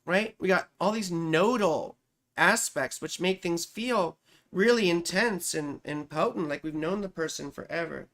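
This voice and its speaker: A woman's voice: lowish voice, measured pace. A woman astrologer giving a casual live-stream reading, chatty and profane, who keeps answering her chat.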